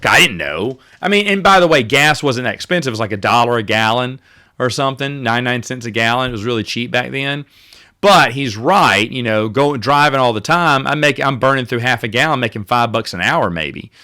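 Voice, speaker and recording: A man's voice: medium pitch, lively intonation, fairly quick, sharp tone. A man hosting a podcast, telling rambling, self-correcting stories in a casual monologue. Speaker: podcast host.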